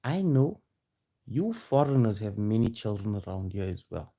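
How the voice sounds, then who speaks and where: Guy ranting at the camera, mellow low tone but fired up, keeps throwing questions at people. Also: big pitch swings, normal speed, vocal fry, lo-fi sound. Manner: heated, challenging, rhetorical questions. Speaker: vlogger. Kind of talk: confrontational rant to camera.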